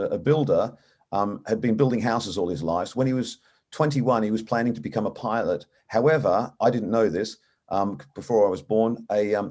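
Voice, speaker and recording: A middle-aged man, an airline captain, telling his story in an interview and acting out the voices of people he quotes. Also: lowish voice. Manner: animated storyteller, acts out quoted dialogue.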